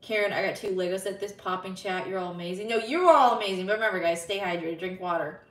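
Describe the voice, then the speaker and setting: A woman's voice: medium pitch, fast talker, distant mic. A woman live streamer in casual chat, bubbly and giggly as she reads viewer messages aloud. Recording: roomy sound, slightly off-mic.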